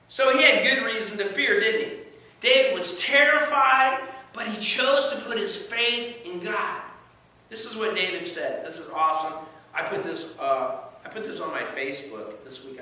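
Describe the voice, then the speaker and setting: In a church sanctuary, a pastor's voice sits high and sharp as he preaches in a playful, conversational way, often checking in with his congregation. The distant mic picks up the hall's echo.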